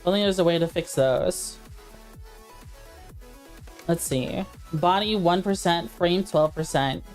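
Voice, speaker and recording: A woman's voice: fairly low pitch, slow, darkish tone, soft background music. A woman streamer chatting casually while playing, laughing easily and talking to her chat.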